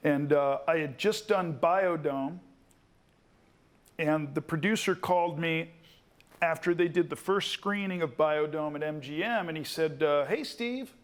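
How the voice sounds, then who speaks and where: A man, telling a lively story to a room of students and acting out the people in it. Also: on the high side, unhurried. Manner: animated storyteller, acts out voices in quotes. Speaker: guest actor.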